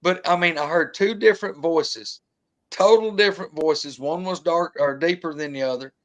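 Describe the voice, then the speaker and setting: A man, telling a long encounter story in casual talk, colloquial and animated, mimicking the sounds he heard. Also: fairly high pitch, moderate pace.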